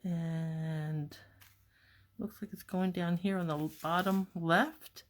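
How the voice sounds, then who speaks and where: A woman calmly narrating a card-making tutorial step by step, talking herself through each task as she works at her craft table. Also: lowish voice, slow. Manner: calm, step-by-step, talks to herself while working. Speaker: papercraft demonstrator.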